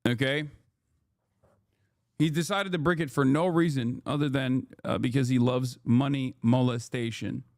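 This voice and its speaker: A man's voice: medium pitch, fairly even intonation, measured pace, darkish tone, no echo, studio quality. A man streaming his reactions to a news clip, swearing and sarcastic, slipping into mocking voices when he quotes others. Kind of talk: casual political commentary.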